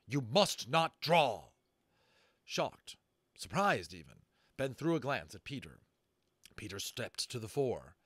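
Man, audiobook narrator, animated, dry recording, expressive storybook reading. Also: lowish voice, dry recording. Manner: expressive, with brief asides to listeners.

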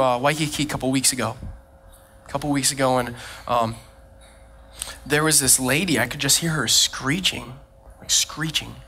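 A man preaching a sermon as a pastor, who tells lively personal stories and laughs often. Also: fairly high pitch, slight background noise. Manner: animated storytelling, frequent laughs.

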